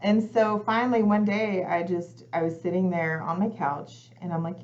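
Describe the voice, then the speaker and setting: A woman's voice: lowish voice, steady tone, normal speed, a little mellow. Earnest woman telling a personal story. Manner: earnest storytelling, acting out her own past thoughts. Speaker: guest coach. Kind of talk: personal testimony on a talk show. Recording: slightly muffled lo-fi audio.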